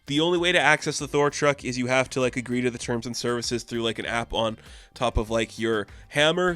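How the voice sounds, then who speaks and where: Excited rambling man doing a comic review vlog, swears a lot, mid pitch, dry close mic. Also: fairly quick, no room sound.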